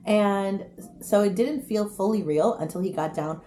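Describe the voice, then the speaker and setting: A young woman telling a story casually to camera, chatty and animated, with quick asides. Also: mid-range voice. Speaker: vlogger. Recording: echoey room, faint noise.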